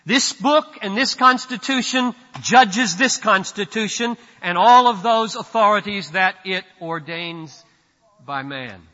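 A pastor preaching a sermon with emphatic declarations and sudden drops into low, quiet asides. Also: male voice, animated, slow, big-room sound, highs cut off.

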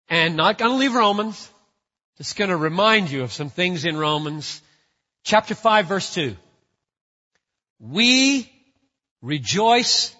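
A man preaches in a measured, unhurried sermon, his voice high and bright. He leans hard on emphasis and climbs into fervent, repeated declarations. The sound is a little dull and rings with long reverb in a church sanctuary. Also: breathy edge. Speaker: pastor.

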